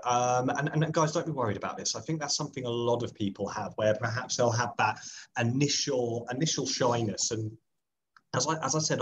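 Slightly hoarse man giving a career webinar. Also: mid-range voice, slight background noise. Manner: encouraging, repeats himself, many fillers and restarts. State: slightly hoarse, losing his voice. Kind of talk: presenting to a webinar audience.

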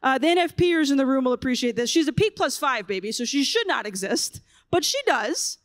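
Bright high-voiced woman telling stories. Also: brisk, dry recording, studio quality. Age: 30s. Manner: lively storytelling, acts out voices of children. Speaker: conference speaker. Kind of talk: humorous keynote talk. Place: conference stage.

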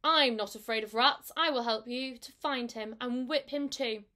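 A woman voicing a brisk, no-nonsense neighbour cat in a storybook, firm and matter-of-fact. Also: on the high side, pushed and bright.

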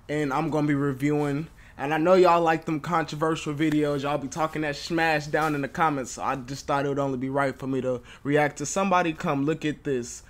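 Brief: young male reaction host, slightly high voice, blunt joking casual commentary with profanity.

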